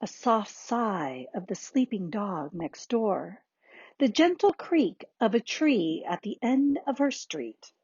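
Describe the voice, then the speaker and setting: A woman slowly reading a children's picture book aloud in a soft, expressive manner. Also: mid-range voice, slightly rough, no echo, dull audio. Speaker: narrator. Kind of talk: slow storybook read-aloud.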